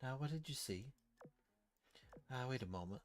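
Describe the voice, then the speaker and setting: A man reading the lines of a regal, commanding young queen in a game story, brisk and composed. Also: medium pitch, animated, faint music behind, natural voice. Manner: brisk, composed, orders others to the point.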